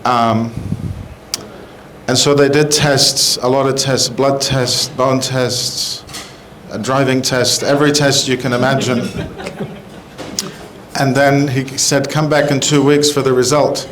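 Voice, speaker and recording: A man telling jokes on a comedy show in a halting, rambling way, full of fillers. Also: medium pitch, level tone, fairly bright tone, a little hiss or hum, rough recording. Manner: halting, rambling, with bursts of exaggerated crying in his jokes. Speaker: comedy show joke teller. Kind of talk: casual joke telling.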